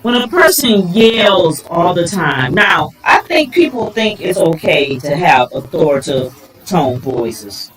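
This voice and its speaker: A middle-aged woman giving relationship advice in a casual, animated vlog, exclaiming and talking straight to her viewers. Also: on the low side, unhurried, breathy edge, poor audio. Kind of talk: casual advice talk to camera.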